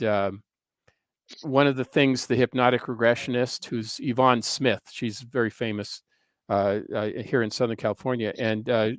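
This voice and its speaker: Male guest, 60s, smooth and resonant tone, earnest rambling storyteller. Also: medium pitch, no echo. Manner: earnest, rambling anecdote with frequent hesitations. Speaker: guest, history professor and author. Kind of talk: casual interview storytelling.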